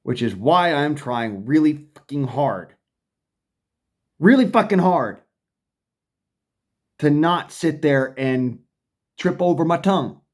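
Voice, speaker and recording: A man's voice: fairly high pitch, measured pace. A man delivering a profane, combative ranting monologue to camera, often stumbling and restarting his sentences. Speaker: vlogger.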